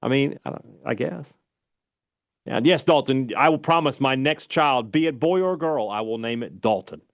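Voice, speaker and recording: A man with a Southern US accent co-hosting a casual sports chat podcast, laid-back, agreeable and quick to laugh. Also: medium pitch, animated, no echo, studio quality. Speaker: podcast co-host. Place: radio studio.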